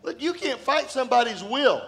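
A man pastor preaching a sermon in a church, telling personal stories in a conversational way that bursts into shouting and laughter. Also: very high voice, very animated, normal speed. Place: church sanctuary.

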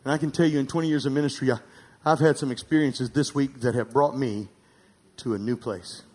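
A man preaching a sermon as pastor, calling for amens and swinging from emphatic, near-shouted peaks to quiet asides. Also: medium pitch, steady tone, brisk, breathy edge. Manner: calls for amens from the congregation.

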